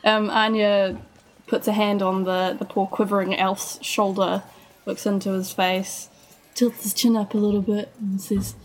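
Woman at the game table, chatty, describes her character fast, bit of hiss behind. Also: mid-range voice, flat delivery. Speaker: player. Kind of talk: casual tabletop game play.

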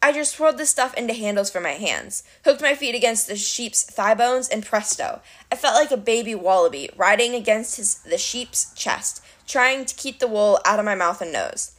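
A woman reads a novel aloud in animated storybook narration. Her delivery is wry, and her voice sits fairly high. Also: normal speed, few pauses. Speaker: reader of a novel.

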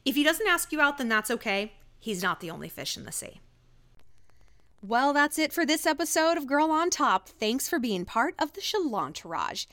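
A sassy woman podcast host giving blunt dating advice, with a bright, ringing tone. Her pitch sits a little high and jumps around a lot as she makes her points. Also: very animated, normal speed. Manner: sassy, emphatic, swearing. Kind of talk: casual advice monologue.

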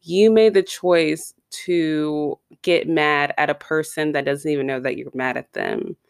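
A woman's voice: low voice, measured pace, gravelly, smooth, no echo, studio quality. A woman giving a casual motivational talk straight to her listeners, chatty, with frequent asides. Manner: conversational, addresses listeners directly with repeated asides.

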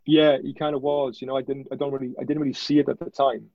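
A man as a podcast guest, telling a personal story in an earnest, halting way with frequent restarts. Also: mid-range voice, little pitch movement, gravelly, no echo, highs cut off.

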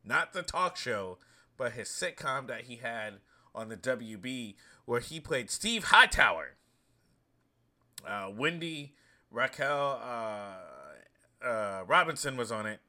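A man in his thirties hosts a casual monologue, rambling through stories with animated asides. His voice is bright and sits at an ordinary pitch. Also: takes it slowly. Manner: chatty, storytelling, animated asides. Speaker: host.

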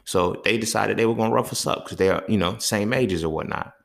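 A man hosting a podcast, telling stories in a casual monologue with profane, streetwise, animated talk. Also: fairly low pitch, quick pace, vocal fry. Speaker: podcast host.

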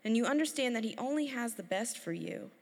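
A woman in her thirties preaching a sermon, telling lively stories and acting out her children's voices. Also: on the high side, brisk. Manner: lively storytelling, acts out her kids' voices. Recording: long hall reverb.

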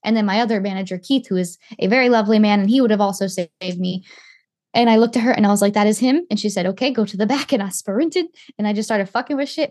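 A young woman casually telling a story in a chat, animated and swearing, acting out what people said. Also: a little high, no echo, clean studio sound. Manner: animated, swearing, acts out quotes.

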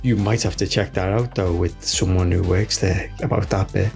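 A man's voice: low-pitched, steady tone, normal speed, gravelly, a little mellow, faint music behind, voice pushed down. A man doing a hammy advert announcer. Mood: hammy salesy. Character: over-the-top male advert announcer.

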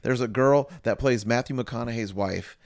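Dude on a podcast, rambly and relaxed, says like a lot, dry close sound. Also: male voice, mid-range voice, normal speed, no echo. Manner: rambling, laid-back, lots of "like". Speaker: podcast co-host, barber. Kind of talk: casual chat.

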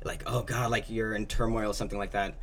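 A man's voice: lowish voice, fairly even intonation, brisk, slight background noise. A young man in casual chat, rambling with many fillers and laughing often.

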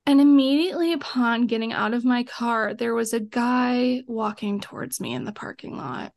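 A young adult woman, a podcast co-host, telling an animated story in casual chat, swearing often and acting out both sides. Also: on the high side, moderate pace, no room sound, clean studio sound.

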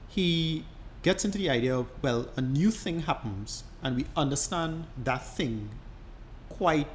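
With a fairly high-pitched voice and slight hiss or hum in the recording, a man co-hosting a podcast rambles through long casual explanations, often restarting sentences.

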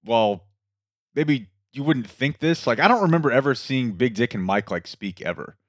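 A man's voice: mid-range voice, moderate pace, no room sound, studio quality. A man chatting casually on a podcast, chiming in with laughing remarks. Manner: laughing, lively interjections. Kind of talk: casual chat.

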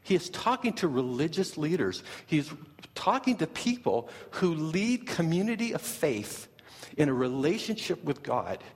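A man preaching a sermon as pastor, animated and often repeating and restarting his words. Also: a little high, a little slow, big-room sound.

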